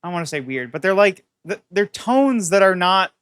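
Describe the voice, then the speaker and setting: A woman's voice: lowish voice, expressive, moderate pace, clear, resonant tone, no echo. A woman streamer giving casual game commentary with wry, chatty, sarcastic asides. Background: faint game music.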